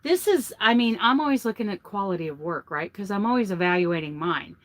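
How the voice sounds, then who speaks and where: A vlog host speaks from inside a truck, chatting casually about crochet and gushing over handmade gifts. Her medium-pitched voice is expressive, a bit bright, and slightly fast.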